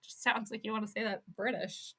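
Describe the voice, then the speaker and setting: A woman's voice: medium pitch, fairly even intonation, brisk, fairly bright tone, slightly rough. A woman hosting a casual livestream, chatting and giggling as she reacts to viewer comments, with many fillers. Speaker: livestream host. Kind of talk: casual livestream chat on sports and astrology.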